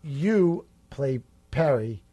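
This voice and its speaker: A man's voice: medium pitch, animated, drawn-out words, dark tone, husky, highs cut off. A man directing improv scenes on a comedy podcast, giggly and upbeat.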